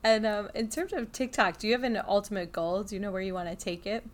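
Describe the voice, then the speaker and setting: A woman's voice: mid-range voice, quick pace. A woman interviewing a guest, enthusiastic and chatty. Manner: warm, enthusiastic fan of the guest. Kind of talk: casual interview.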